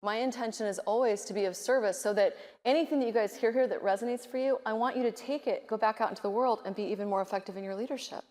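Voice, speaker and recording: A middle-aged woman giving a conference keynote speech, animated, often acting out nervous inner voices. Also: fairly high pitch, fast talker, few pauses. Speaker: keynote speaker. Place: large conference hall. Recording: reverberant conference hall.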